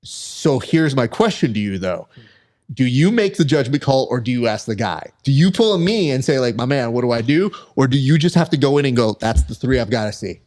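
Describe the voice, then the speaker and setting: A young man hosting a relaxed podcast chat, with a voice of ordinary middle pitch. He tells stories with lots of energy and jumps into the voices of the people he quotes. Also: brisk. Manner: animated storyteller who acts out quoted people. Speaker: podcast host. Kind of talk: casual chat.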